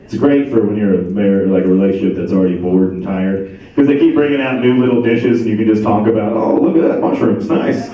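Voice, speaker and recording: A man's voice: on the low side, fast talker, mellow. A man in his thirties from Ohio doing a rambling stand-up set, working up to exasperated rants. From Ohio, USA. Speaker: stand-up comedian. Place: comedy stage at a charity show, live audience. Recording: echoey, distant, dull room recording.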